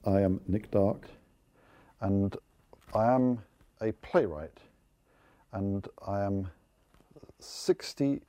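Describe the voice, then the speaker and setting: A man in his fifties, a playwright, giving personal testimony in halting speech, stumbling and searching for his words. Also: lowish voice, dark tone. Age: 50s.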